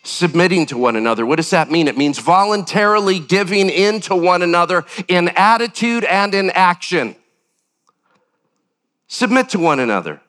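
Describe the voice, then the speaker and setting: An older man preaching a sermon as pastor, animated, with sudden jumps up in pitch and acted-out quotes. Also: moderate pace.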